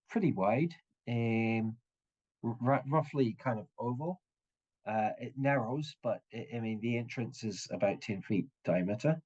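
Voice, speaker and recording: A man running a tabletop game as game master, describing scenes in a halting, restarting way. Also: medium pitch, a little mellow, husky, muffled recording.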